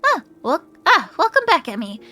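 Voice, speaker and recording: Condescending theatrical sorcerer, read by a woman, bright and grand. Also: sits high, wildly swooping pitch, normal speed, faint music behind, voice pushed up, exaggerated voice. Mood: pompous. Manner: grandiose, mannered delivery. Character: pompous, theatrical mage sibling, condescending.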